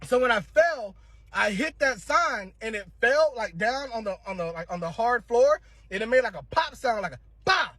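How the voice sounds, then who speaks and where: A man telling a funny story in a casual, animated way, laughing as he goes. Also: very high-pitched, moderate pace, no room sound. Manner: animated, laughing through his own story.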